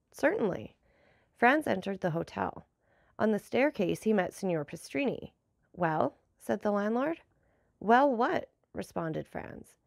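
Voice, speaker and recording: A woman narrating a classic novel aloud, measured and lightly voicing the dialogue. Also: mid-range voice, gravelly, no room sound, clean studio sound. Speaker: audiobook narrator.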